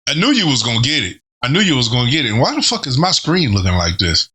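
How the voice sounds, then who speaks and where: A man hosting a casual album reaction, talking excitedly in loose slang and breaking down the lyrics as he listens. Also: medium pitch, fast, over music. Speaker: host reviewing an album.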